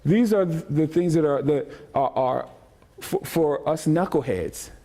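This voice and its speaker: A man preaching a sermon as pastor, joking and animated, repeating phrases as he speaks to the congregation. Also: a little high, measured pace. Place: church sanctuary.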